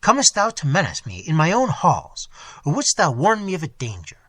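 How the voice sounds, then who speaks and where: Man voicing an imperious storybook prince, scornful, husky edge, dry close reading. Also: a little high, wildly swooping pitch, normal speed, sharp tone, no room sound, full character voice. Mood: indignant. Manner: imperious, scornful, archaic speech. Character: haughty scornful Italian prince, proud and imperious.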